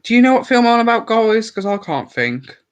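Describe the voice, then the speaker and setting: A man's voice: extremely high pitch, sing-song, a little fast. A man rambling casually on a live stream, chatty and swearing freely.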